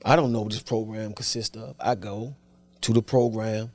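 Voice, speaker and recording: A man from Washington, DC, a podcast guest telling his story in relaxed slang and acting out what others said. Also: fairly low pitch, moderate pace. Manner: animated storyteller who acts out other people's words. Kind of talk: casual storytelling interview.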